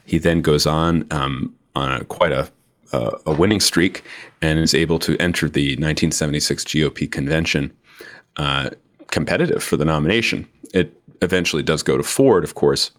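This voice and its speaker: A man in his forties, an author guest in an interview, talking slowly and deliberately with many fillers. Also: very deep voice. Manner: slow, deliberate, with frequent fillers. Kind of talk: interview discussion.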